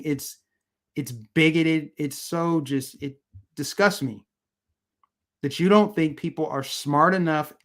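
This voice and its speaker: Hosting political commentary on a live stream, a man with a slightly high voice rants heatedly, emphatically and repetitively while answering his chat.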